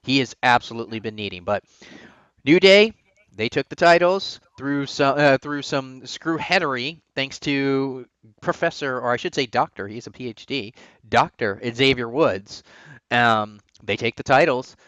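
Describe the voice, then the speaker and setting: A man's voice: mid-range voice, measured pace, fairly bright tone, clean tone, no room sound. A man co-hosting a podcast, giving opinionated, rambling takes in casual chat. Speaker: podcast co-host. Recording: dull lo-fi dry sound.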